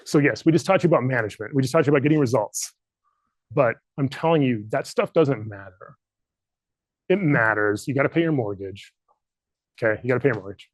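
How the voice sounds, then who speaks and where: A middle-aged leadership trainer leads a workshop in a training room, speaking earnestly and candidly while fighting back tears in an emotional talk. His medium-pitched voice is brisk with lively intonation, and there is no echo.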